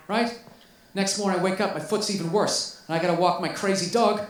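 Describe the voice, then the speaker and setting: A male comedian tells a stand-up story in an exasperated, profane rant, mimicking the people in it. The sound is roomy and distant, and clear noise runs underneath. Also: high-pitched, fast talker. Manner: profane, exasperated storytelling with mock-quoted voices. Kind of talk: stand-up routine. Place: stand-up special played back in a room. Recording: roomy, distant, noisy playback.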